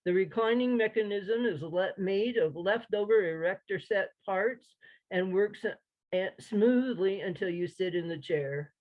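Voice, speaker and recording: A woman's voice: medium pitch, unhurried, dry recording, natural voice. A woman reader voicing a dull male furniture salesman who drones through his sales patter. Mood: deadpan. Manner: droning, sleep-inducing patter.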